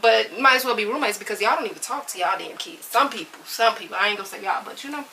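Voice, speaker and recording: A woman in her thirties chatting casually to camera in her kitchen while cooking, animated and folksy. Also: medium pitch, fast talker. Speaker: vlogger. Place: home kitchen, moving around. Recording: slightly distant with faint room noise.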